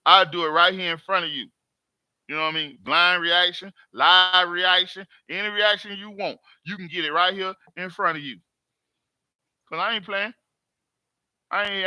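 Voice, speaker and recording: Man ranting to viewers, high bright voice. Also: dry recording. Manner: emphatic, repetitive street talk. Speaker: host. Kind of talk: live streamed monologue to viewers.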